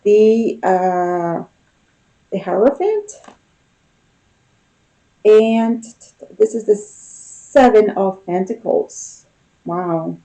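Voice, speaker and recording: Mellow-voiced woman giving a tarot reading. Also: mid-range voice, expressive, drawn-out words, long pauses, low-quality recording. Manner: conversational, often checks in with "okay?" and "you know?". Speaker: tarot reader.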